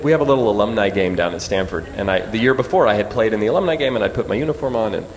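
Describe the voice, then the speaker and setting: A man in his forties, a guest speaker, telling an animated personal story in a sermon. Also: fairly low pitch, very fast, hardly any pauses. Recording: echoey hall with faint hum.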